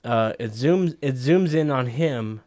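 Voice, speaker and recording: A man's voice: mid-range voice, expressive, takes it slowly, darkish tone, no room sound, clean studio sound. A man co-hosting a casual movie podcast, explaining film camera work at length with many fillers and restarts. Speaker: podcast co-host.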